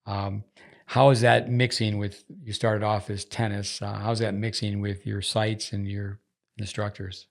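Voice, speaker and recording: A man hosting a podcast, asking the guest questions with quick enthusiastic bursts. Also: on the low side, level tone, gravelly. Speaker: podcast host. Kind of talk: interview questions.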